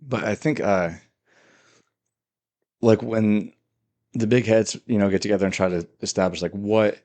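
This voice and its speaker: A man who works as a police officer, chatting casually on a podcast with a dry, deadpan humor. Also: fairly low pitch, measured pace. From California.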